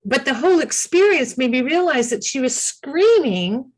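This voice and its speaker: A woman's voice: high voice, animated, moderate pace, few pauses, poor audio. A woman who founded a caregiver support group, telling a personal story on a talk show in an earnest, heartfelt, rambling way.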